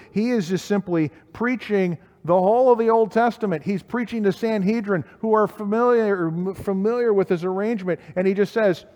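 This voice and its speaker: A man's voice: sits high, darkish tone, big-room sound. A man preaching a sermon, reading scripture aloud and putting questions to his listeners. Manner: reads scripture aloud in King James wording, asks questions of listeners.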